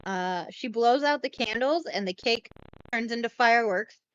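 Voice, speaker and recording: A woman co-hosting a casual podcast, retelling a film in a chatty, profane, animated way. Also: a little high, normal speed, smooth, dull audio. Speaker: podcast co-host.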